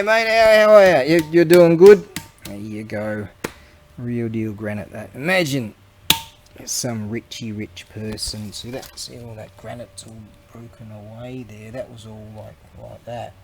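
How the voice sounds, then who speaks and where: A man's voice: mid-range voice, darkish tone, slight background noise. Rambling man vlogging. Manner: rambling, chatty, laughs often, talks to himself. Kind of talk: casual rambling vlog.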